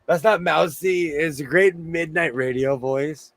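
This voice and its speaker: A man hosting a casual chat, telling stories loudly while his voice is going hoarse. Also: fairly high pitch, a little slow, hardly any pauses. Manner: loud, animated storyteller. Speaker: host. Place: home sewing room.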